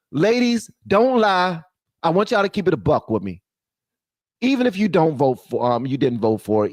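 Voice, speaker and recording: A male streamer gives casual, off-the-cuff commentary to his live chat. His voice is animated and swings from loud ranting down to low muttering, with a lively, wide-ranging pitch. The sound is dry and close. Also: no room sound.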